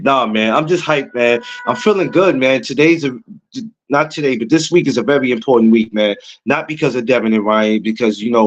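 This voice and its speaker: A young man hosts a casual livestream podcast, chatting with viewers in the chat. He's excitable and repeats himself a lot, speaking at medium pitch in a muffled recording.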